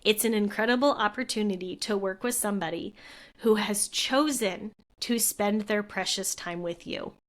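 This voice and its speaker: A woman's voice: mid-range voice, normal speed. Casting note: young adult woman, physical therapist host, earnest and heartfelt, casual solo podcast delivery, mid-range voice. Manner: earnest, heartfelt, conversational with frequent fillers. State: tearful at moments.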